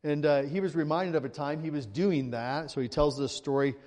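A pastor delivering a conversational sermon, tossing in quick tag questions and pushing up for emphasis. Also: male voice, a little high, darkish tone. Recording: long hall reverb.

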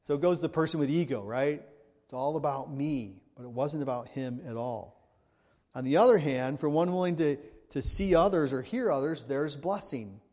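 A pastor delivering a conversational sermon, tossing in quick tag questions and pushing up for emphasis. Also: male voice, a little high, warm tone. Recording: long hall reverb.

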